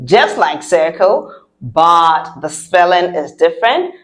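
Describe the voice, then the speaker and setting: A woman's voice: lowish voice, very animated, measured pace. A woman teaching French words to children in a playful, coaxing, repeat-after-me style. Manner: playful, sing-song, coaxing. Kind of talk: kids' repeat-after-me lesson.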